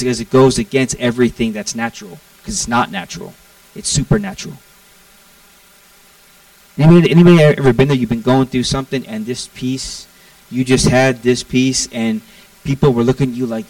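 A young man from Florida preaching a casual, animated sermon and acting out the lines he quotes. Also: medium pitch, vocal fry, no room sound, distant mic, rough recording. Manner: animated, acts out quotes in a raised voice. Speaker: pastor.

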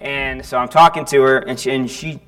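A pastor delivers a sermon with storytelling in church, his voice medium-pitched, steady and slightly bright. He speaks conversationally, halting and restarting often, and puts questions to the congregation.

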